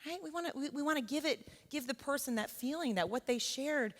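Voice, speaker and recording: A woman's voice: sits high, a little fast, a bit bright. Earnest woman speaking in a reverberant church. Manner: earnest, keeps checking in with "right?". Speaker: college teacher speaking at church. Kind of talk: conversational church talk. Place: church sanctuary. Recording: long church hall reverb.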